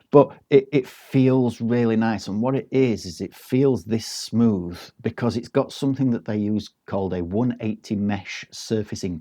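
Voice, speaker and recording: A man's voice: lowish voice, warm tone. A man giving a casual, rambling product review, with frequent ums and restarts. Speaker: tech reviewer.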